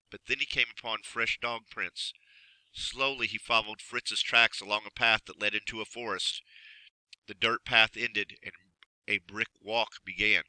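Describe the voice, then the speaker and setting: Bright-voiced man reading a storybook. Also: fairly low pitch, no echo, poor audio. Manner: expressive and measured. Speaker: narrator.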